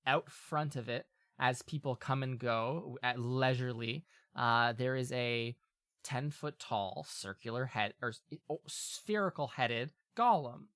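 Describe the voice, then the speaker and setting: A man narrating as game master in a casual, meandering way, often pausing to correct himself. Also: mid-range voice, fairly bright tone, dry recording, studio quality. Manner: casual and meandering, with many fillers and self-corrections.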